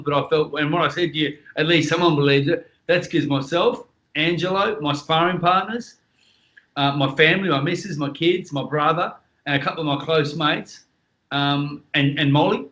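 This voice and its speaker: A man's voice: on the high side, moderate pace, a bit bright, roomy sound. An Australian man, a former boxer, chatting casually as a guest and telling his side of a story in a laid-back way, stumbling and repeating words. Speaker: guest, former boxing champion.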